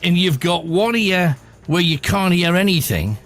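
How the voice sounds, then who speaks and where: High-voiced chatty radio host man. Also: lively intonation, measured pace, fairly bright tone. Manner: chatty, jokey, coaxing. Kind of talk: late-night radio phone-in chat.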